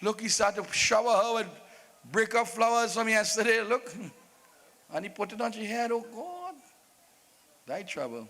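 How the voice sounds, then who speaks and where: A man's voice: high-pitched, expressive, normal speed, long pauses, bright, forceful tone, in a large hall. A man narrating a live staged epic with humorous asides to the devotees. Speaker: Ramleela narrator.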